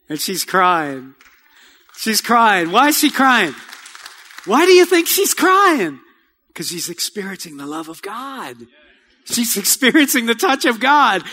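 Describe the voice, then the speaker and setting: A man preaching a sermon as pastor, calling out "Amen?" to the congregation and leading a slow, soft prayer. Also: high voice, very animated. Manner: call-and-response preaching, repeated "Amen?". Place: church sanctuary.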